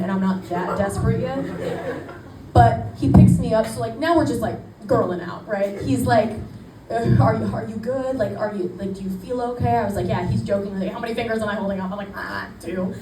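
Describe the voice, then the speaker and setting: Chatty young woman doing stand-up. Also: fairly high pitch. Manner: chatty, self-deprecating, animated quoting. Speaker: stand-up comedian. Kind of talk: stand-up set. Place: small club stage. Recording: echoey club, mic at a distance, noisy. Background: audience laughter.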